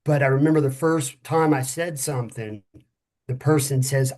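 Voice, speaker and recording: Tired, frank middle-aged ex-cop. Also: male voice, medium pitch, sing-song, normal speed, a little mellow. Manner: frank, searching for words, swears casually. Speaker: former police officer, workshop co-host. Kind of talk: candid conversational podcast talk.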